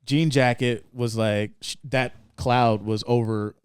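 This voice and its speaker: A young man talks through a movie scene in loose, rambling podcast chat, now and then slipping into the characters' lines. His voice is smooth and resonant, at a middle pitch. It sounds close and dry, with no room around it. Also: slow pace, dry recording. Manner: rambling, animated retelling with quoted lines. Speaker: podcast co-host. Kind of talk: casual film discussion.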